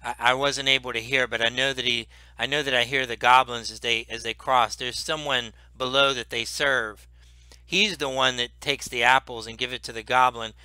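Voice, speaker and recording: Man doing a slow, wary old dragon. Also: medium pitch, steady tone, pushed and bright, clear, resonant tone, no echo.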